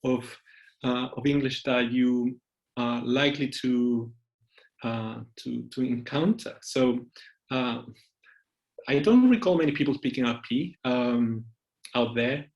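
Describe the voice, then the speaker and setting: A man's voice: mid-range voice, a little mellow. Chatty man with a Latino accent. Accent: Latin American Spanish. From Latin America. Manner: chatty, laughs often, many fillers. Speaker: guest speaker. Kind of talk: casual conference talk.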